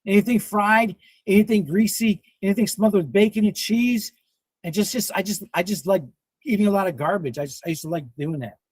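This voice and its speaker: A man in his fifties hosting a casual livestream and reading the chat, excitable, laughing often and swearing freely. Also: sits high, a little fast, breathy edge, dry recording. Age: 50s.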